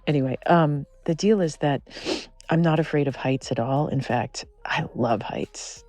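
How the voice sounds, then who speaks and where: A man's voice: on the high side, measured pace, a little mellow, dry recording. A man in his forties whispering outdoors in a redwood forest, rambling and self-deprecating. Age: 40s. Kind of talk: casual whispered vlog monologue.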